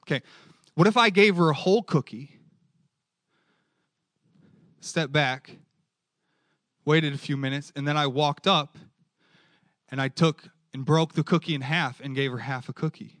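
A male preacher giving a lively sermon and keeping the audience engaged with questions. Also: fairly high pitch, unhurried, long pauses, no echo. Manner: animated, asks the audience questions.

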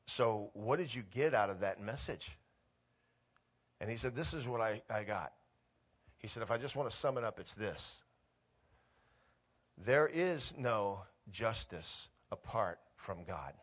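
A middle-aged man preaching a sermon, telling a family story and reading scripture aloud with growing excitement. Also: lowish voice, husky. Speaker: pastor.

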